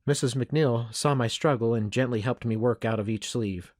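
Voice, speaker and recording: A man narrating a first-person western audiobook in a steady, measured way. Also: medium pitch, no echo, clean studio sound.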